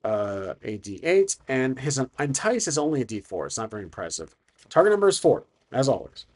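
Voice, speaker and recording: A man's voice: medium pitch, very animated, fairly quick, a little mellow. A man narrating a solo tabletop game, thinking aloud and hesitant, with frequent restarts.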